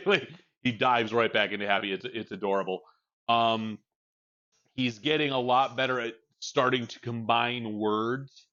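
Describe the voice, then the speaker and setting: A man's voice: medium pitch, steady tone, unhurried, a bit bright, highs cut off. A man with a young child streams from home, chatting casually in a rambling, frank way and swearing freely into a desk mic. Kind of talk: casual chat while livestreaming.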